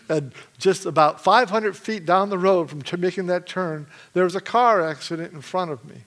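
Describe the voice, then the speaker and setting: Animated man preaching a testimony. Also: high-pitched, normal speed. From Michigan, USA. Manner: animated storytelling, laughs often. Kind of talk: sermon testimony.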